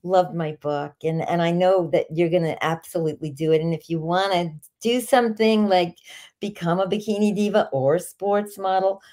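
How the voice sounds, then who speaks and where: A woman's voice: on the low side, fairly even intonation, normal speed, dark tone. A woman in her eighties, originally from the Bronx, chatting as an upbeat author guest who laughs often. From the Bronx, New York. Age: 80s. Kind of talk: casual interview chat.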